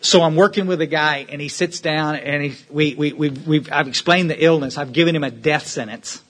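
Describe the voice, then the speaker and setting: A man's voice: a little high, normal speed, a bit bright. A man speaking from a podium at a recovery meeting, emphatic and preachy, repeating words as he restarts and checking that the room follows.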